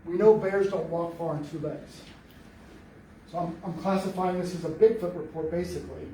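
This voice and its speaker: A man telling an animated, joking story to an audience, acting out what people said. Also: on the high side, moderate pace. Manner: animated storyteller, jokey, acts out quotes. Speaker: Bigfoot researcher giving a library talk. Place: library meeting room. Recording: roomy hall, mic at a distance, faint noise.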